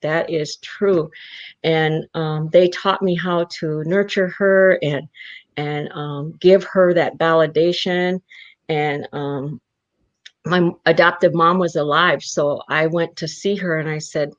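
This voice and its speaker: A woman's voice: sits low, takes it slowly. A woman from South Dakota, a guest on an interview show, telling a personal story and acting out the voices of the people in it. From South Dakota, Rosebud Reservation. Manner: animated storyteller who acts out the voices in her anecdotes. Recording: muffled lo-fi audio.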